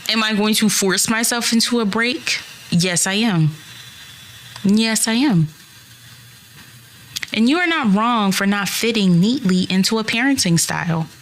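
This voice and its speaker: A woman's voice: mid-range voice, animated, a little slow, long pauses, slight background noise. A woman in her thirties hosting a solo podcast, speaking earnestly and reassuringly straight to her listeners. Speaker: podcast host.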